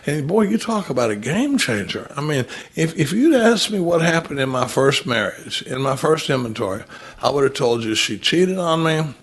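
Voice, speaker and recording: A man with a husky, slightly breathy voice gives a recovery talk. He tells stories and acts out the people in them, his voice lifting when he quotes them. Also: medium pitch. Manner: storytelling, animated when quoting others. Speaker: recovery speaker.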